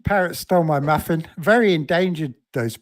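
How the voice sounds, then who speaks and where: A man co-hosting a casual podcast, telling stories with deadpan jokes. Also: on the high side, moderate pace. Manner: storytelling, joking, deadpan. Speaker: podcast co-host.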